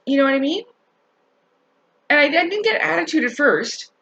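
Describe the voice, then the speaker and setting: A woman telling a story in a casual rant to her viewers, animated, swearing and laughing as she talks. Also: sits high, brisk, long pauses, low-quality recording. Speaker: vlogger.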